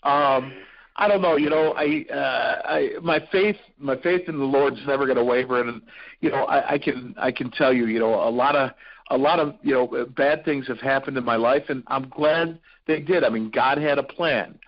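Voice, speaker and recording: A man's voice: mid-range voice, fairly even intonation, normal speed, highs cut off. A man from Ohio, a podcast guest, telling personal stories in an earnest, rambling way with many fillers and restarts. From Ohio, USA. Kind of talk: storytelling in a podcast interview.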